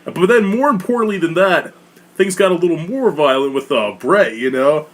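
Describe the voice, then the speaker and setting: A man's voice: fairly high pitch, expressive, moderate pace. A man co-hosting a casual podcast in a laid-back, rambling way with many fillers. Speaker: podcast co-host. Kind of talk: casual wrestling podcast chat.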